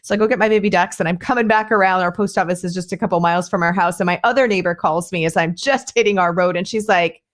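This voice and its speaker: A woman's voice: fast, few pauses. A woman podcast host telling a story in casual conversation, animatedly acting out what others said. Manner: animated, acts out quoted voices with rising pitch.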